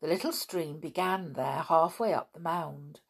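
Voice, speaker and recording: A woman reading a children's storybook aloud with expressive, dramatic narration. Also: deep voice, measured pace, gravelly, breathy edge.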